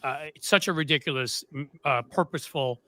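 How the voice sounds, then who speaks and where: A man hosting a casual political chat, sardonic and halting, often restarting his sentences. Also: on the high side, sharp tone, no room sound. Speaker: podcast host.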